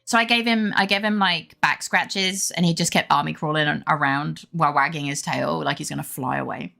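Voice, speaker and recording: Gravelly low-voiced woman streamer. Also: fairly quick, pushed and bright. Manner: chatty, rambling, gushing about her dog; baby-talk voice toward her dog. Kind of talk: casual chat with live chat. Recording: faint background music.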